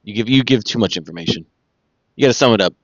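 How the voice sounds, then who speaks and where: A man's voice: lowish voice, lively intonation, fast talker, no room sound. A man with a mid-range voice, ribbing his co-host in a dry, teasing way on a casual podcast. The sound is dull and lo-fi, and the room is dead.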